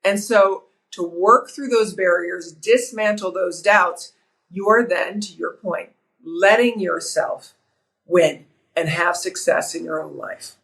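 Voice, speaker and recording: A middle-aged woman, a sports broadcaster and author, speaking as a guest in a podcast interview with an energetic, emphatic way of telling stories. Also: fairly low pitch, slow, vocal fry, rough recording.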